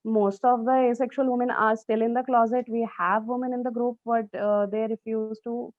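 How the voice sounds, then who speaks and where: A woman's voice: on the high side, level tone, normal speed, dry recording, muffled recording. A young woman, giving a candid, rambling personal account on an online panel, joking as she goes. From India. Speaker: panel speaker.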